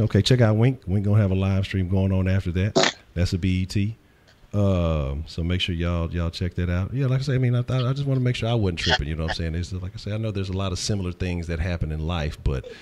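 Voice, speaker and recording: A man hosting a casual sports talk stream, loose and profane, full of hyped shout-outs. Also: sits low, a little hiss or hum. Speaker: host.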